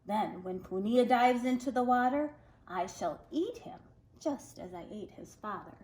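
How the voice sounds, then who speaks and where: A woman's voice: a little high, lively intonation, unhurried, a little mellow, roomy sound, slight background noise. A woman reading aloud, voicing a boastful, furious male shark king in a storybook tale. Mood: brooding. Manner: raging, gloating.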